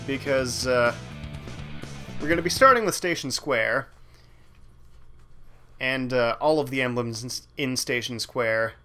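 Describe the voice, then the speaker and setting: A man's voice: medium pitch, unhurried, pauses often, bright, forceful tone. Rambling, self-mocking gameplay commentator, man. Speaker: let's play host. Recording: game music playing underneath. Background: game music.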